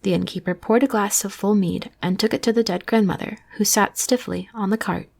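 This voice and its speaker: Gravelly hushed woman, whispered role-play. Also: mid-range voice, steady tone, a little fast. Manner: soft, hushed bedtime reading. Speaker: storyteller.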